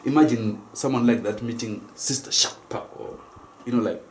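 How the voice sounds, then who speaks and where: A man's voice: mid-range voice, normal speed, a little mellow. A man, a comedian guest, joking playfully in a casual chat. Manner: playful, laughing. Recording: roomy with audience noise.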